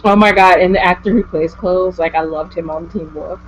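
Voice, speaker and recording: A woman's voice: lowish voice, fairly even intonation, brisk, a little hiss or hum. A woman vlogger chatting casually with a guest, gushing and rambling with lots of "like". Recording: dull lo-fi home recording.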